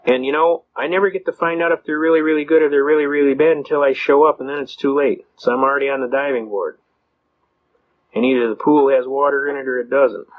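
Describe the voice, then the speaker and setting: A middle-aged American man telling courtroom stories in a blunt, folksy way. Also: on the high side. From United States. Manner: folksy, blunt, repeats words when starting a sentence. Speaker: speaker on self-representation in court. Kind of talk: folksy storytelling lecture. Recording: dull lo-fi recording.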